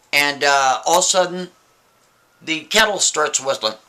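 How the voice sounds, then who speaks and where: A man telling a spooky story casually, animated and talking straight to the listener. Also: fairly high pitch, unhurried. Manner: animated, addresses the listener directly.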